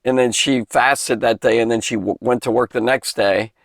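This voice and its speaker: A man's voice: mid-range voice, steady tone, normal speed, dry recording, studio quality. Enthusiastic man teaching the Bible to kids. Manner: chatty, enthusiastic, digressive, emphatic. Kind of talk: informal Bible lesson for kids.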